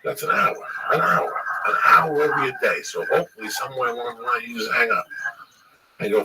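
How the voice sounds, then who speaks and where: A man's voice: medium pitch, very animated, a little fast. A man telling a rambling, profane story in casual chat and acting out the dialogue. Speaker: podcast host telling a story. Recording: distant mic with clear background noise.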